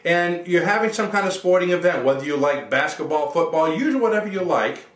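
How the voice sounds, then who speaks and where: An NLP coach, a man with a fairly high voice, delivers an instructional self-help talk, walking listeners through each step of an exercise. He speaks briskly with lively intonation. The recording is distant, in a room with noticeable echo.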